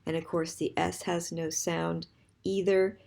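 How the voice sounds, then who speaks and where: A woman's voice: fairly low pitch, little pitch movement, unhurried, gravelly, a little mellow. A woman teaching a recorded grammar lesson, patiently spelling out word endings letter by letter and counting to three before giving each answer. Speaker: French teacher.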